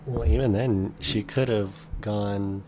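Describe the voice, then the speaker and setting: A man's voice: lowish voice, steady tone, slow, mellow, a little hiss or hum. A man co-hosting a podcast in casual chat, rambling with lots of filler words. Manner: rambling, many "like" fillers, laughs often. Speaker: podcast co-host.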